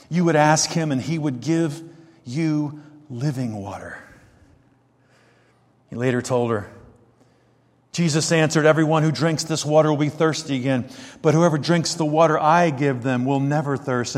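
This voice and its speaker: In a large hall, a man with a slightly high voice preaches a sermon. He reads and explains scripture, shifting from quiet, reflective passages to loud, emphatic stresses.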